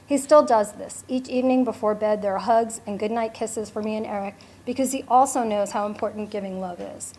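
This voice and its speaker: A woman's voice: medium pitch, a little fast, few pauses, a little mellow. A woman in her forties, a mother reading a prepared, heartfelt speech at her son's bar mitzvah.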